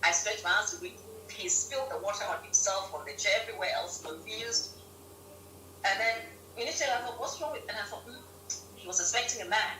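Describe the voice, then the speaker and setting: A woman from Ghana, a guest on a live-stream interview, telling stories in an animated way and laughing often. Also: mid-range voice, brisk. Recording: roomy, distant mic with faint hum.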